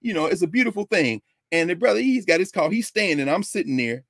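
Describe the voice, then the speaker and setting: An older man from Tennessee telling a personal story in a lesson, animated and acting out the people he quotes. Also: high-pitched, quick pace, no room sound, clean studio sound. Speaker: lecturer.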